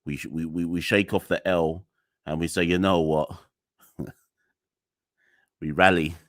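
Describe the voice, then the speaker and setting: A young man, speaking in a very low, deep register close to a dry, dead-sounding mic. He hosts a live solo podcast and rants in a weary, exasperated way, sighing and laughing wryly. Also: fairly even intonation, unhurried, no echo. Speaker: podcast host.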